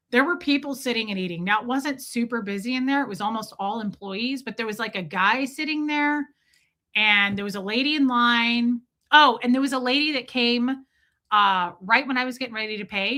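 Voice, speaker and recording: A woman with a bright, forceful voice pitched a little high, telling a story straight to the camera. She is animated, acts out each quoted voice, and swears when she gets worked up. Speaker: vlogger. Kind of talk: casual storytelling rant.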